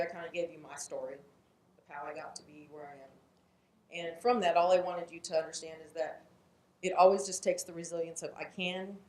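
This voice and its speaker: A woman's voice: on the low side, a little mellow, slight background noise. A woman close to tears giving an earnest, heartfelt graduation speech and telling a story. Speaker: program staff speaker. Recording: echoey hall.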